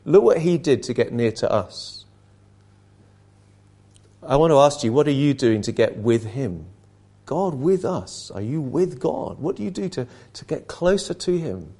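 Preacher guy, sermon voice, pitch swings way up and down, keeps repeating lines. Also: expressive, measured pace, mellow, slightly rough. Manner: impassioned, rhetorical questions, repeats phrases for emphasis.

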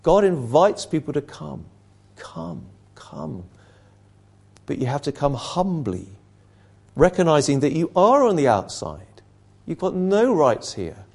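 A man's voice: fairly high pitch, very animated, moderate pace, darkish tone, breathy edge. A man preaching an impassioned sermon, asking rhetorical questions and repeating phrases for emphasis.

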